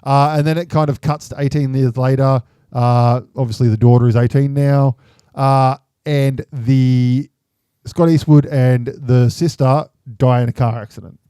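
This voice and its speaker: A podcast host in casual chat, retelling films in a rambling way full of fillers. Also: male voice, medium pitch, fairly even intonation, unhurried, warm tone, smooth, no echo, clean studio sound.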